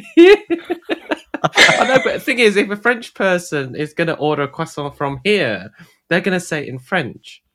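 A man's voice: high voice, big pitch swings, moderate pace, a bit bright. A man with an English accent co-hosting a podcast, playful and laughing often. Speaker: podcast co-host. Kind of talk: casual chat.

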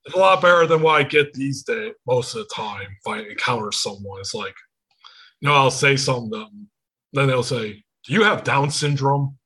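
Husky-voiced man with a Michigan accent. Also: mid-range voice, brisk, bright, forceful tone. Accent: Michigan, Inland Northern. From Michigan, United States. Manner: storytelling with quoted voices, swearing freely. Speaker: podcast host. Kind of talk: casual chat. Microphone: video call.

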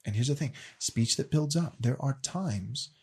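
A man's voice: mid-range voice, animated, normal speed, a little mellow, slightly rough. A man casually explaining a faith question as a teacher, earnest and often repeating words as he restarts.

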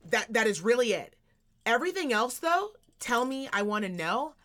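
A woman's voice: on the high side, sing-song, normal speed, a bit bright. A woman in her thirties chatting casually as a podcast co-host, candid and full of profanity as she tells family stories. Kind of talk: casual chat.

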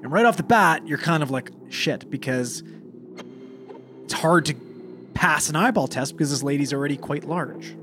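A man's voice: a little high, normal speed, fairly bright tone, slight background noise. A young man, a paramedic, casually telling a call story, swearing freely and acting out the dialogue.

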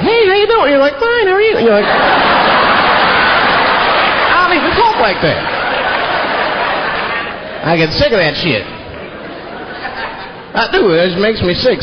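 A man from Washington, D.C. doing a stand-up comedy set in a theater, animated and jumping into mimicked voices. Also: fairly high pitch, noisy background. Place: theater stage before a live audience. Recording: muffled live stage recording with loud crowd.

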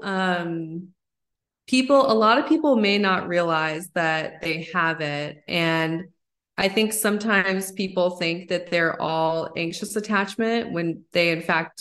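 A woman in her thirties, a psychologist guest on a podcast, explaining ideas in an animated, excited way. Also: lowish voice. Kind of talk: podcast interview.

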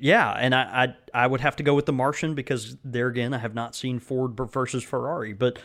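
A man co-hosting a podcast in casual chat, easygoing and quick to laugh. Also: medium pitch, fairly even intonation, a bit bright. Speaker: podcast co-host.

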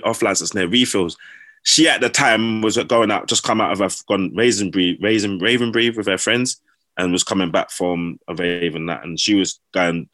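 Guy spinning a story, slangy and lively, lowish voice. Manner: slangy, animated, acts out quotes. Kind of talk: casual storytelling.

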